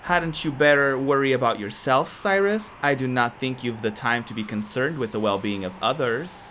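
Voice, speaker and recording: A woman's voice: very deep voice, moderate pace, fairly bright tone, slight background noise. A woman reading the lines of a gloating male villain knight from a game, with taunting laughter and mockery. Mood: mocking.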